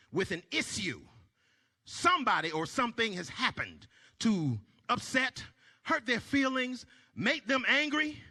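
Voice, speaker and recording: A man performing a stand-up comedy set, shouting his punchlines and dropping to low mumbled asides. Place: church stage before a live audience. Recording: long hall reverb.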